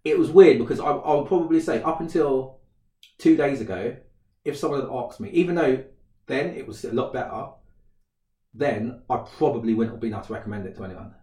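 A man's voice: medium pitch, brisk. A man, chatting casually and acting out a story, laughing often. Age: 30s. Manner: animated storyteller, laughs often, acts out quotes. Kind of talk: casual chat. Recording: roomy sound, mic a bit distant.

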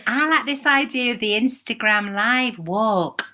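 A woman hosting a relaxed chat interview, encouraging and quick to laugh. Her voice is bright and crisp, sitting a little high. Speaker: interviewer host.

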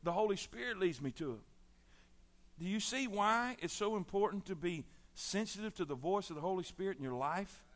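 A middle-aged man preaching a sermon, swinging between loud exhortation and hushed intensity. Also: high-pitched, lively intonation, brisk.

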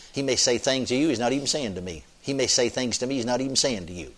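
An older man with a mid-range voice preaches a sermon quickly and with few pauses. His delivery is folksy and animated, and he often laughs along with his congregation.

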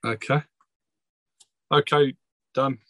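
Running a tabletop game online as game master, this man speaks through a home mic on a voice call, casual and hesitant with lots of ums. His medium-pitched voice is bright and forceful, slow and steady in tone, with no echo.

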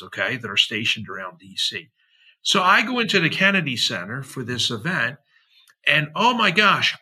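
A man's voice: a little high, sharp tone, slightly rough. A middle-aged man, a podcast guest, telling rambling stories in a chatty, slangy way, full of fillers and acted-out quotes. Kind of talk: rambling anecdotal storytelling.

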